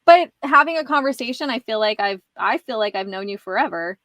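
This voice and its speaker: A talkative woman hosts a relaxed podcast conversation and laughs easily as she talks. Her voice sits a touch higher than most. The sound is dry and close, with no room around it. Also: a little fast, no echo. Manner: chatty, laughs often between phrases. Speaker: podcast host. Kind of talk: casual interview chat.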